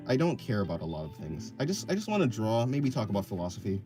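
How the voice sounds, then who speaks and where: Casting: male streamer, casual live chat, rambling and self-correcting, offhand, pitch that swings up and down, faint music under him. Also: huge pitch swings, quick pace. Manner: offhand, apathetic. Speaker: livestreamer answering chat.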